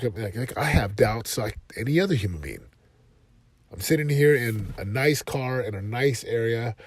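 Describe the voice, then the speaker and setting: A man in his thirties hosting a motivational podcast from his car, talking earnestly and rising to loud, passionate emphasis. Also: low-pitched, no echo. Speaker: podcast host and life coach.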